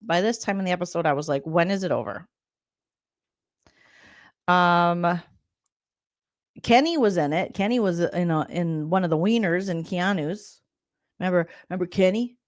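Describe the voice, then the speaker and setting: A woman's voice: lowish voice, moderate pace, long pauses. A woman comedian hosting a reality-TV recap vlog, talking sarcastically and breaking into mocking impressions.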